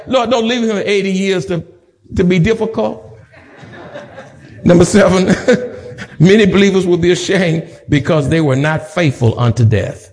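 High-voiced pastor preaching. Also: male voice, normal speed, pauses often, darkish tone. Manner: repetitive, emphatic preaching with humorous asides. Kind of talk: sermon. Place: church sanctuary.

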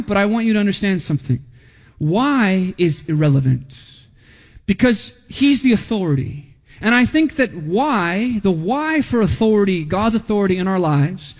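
A man preaching a sermon as pastor, emphatic, asking rhetorical questions and dropping into a stern voice for quotes. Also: sits high. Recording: hall reverb.

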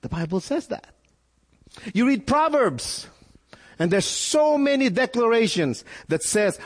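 Preaching in a hall with long, echoing reverb, this male pastor has a very high voice with big pitch swings and an unhurried delivery. He questions his listeners and repeats words as his point builds.

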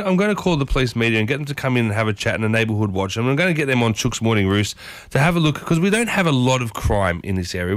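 A man with an Australian accent hosting a morning radio show, talking in a chatty, animated way and often questioning his listeners directly. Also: medium pitch, no echo. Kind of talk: casual talk radio monologue.

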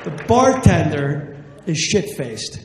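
A man's voice: fairly high pitch, sing-song, slow, a crowd in the background, noisy background. A man from New Jersey doing stand-up storytelling with a brash, profane, punchy delivery. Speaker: stand-up comedian. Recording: echoey live stage with faint audience.

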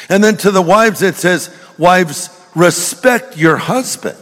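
Older male pastor, folksy storytelling sermon, slightly high voice, reverberant hall. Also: expressive, a little slow, few pauses, fairly bright tone.

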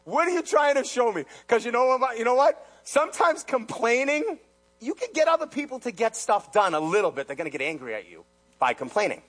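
A man preaching a sermon who repeats rhetorical questions and swings between hushed and loud. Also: very high-pitched, expressive, brisk.

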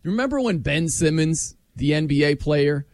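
A man hosting a sports talk show, animated and jokey, often laughing as he talks. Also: a little high, moderate pace, dry recording. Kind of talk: casual sports chat.

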